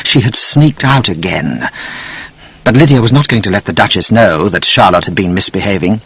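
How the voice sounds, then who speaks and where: A man narrating an audiobook in an expressive, measured storytelling manner. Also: lowish voice, gravelly, breathy edge, no room sound, rough recording. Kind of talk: scripted narration.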